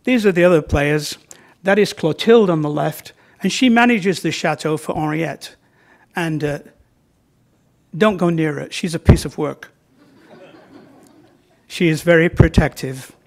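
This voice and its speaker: A man's voice: a little high, a little slow, vocal fry, long pauses. A man giving an informal library talk about his novels, conversational and joking, with fillers as he points to slides.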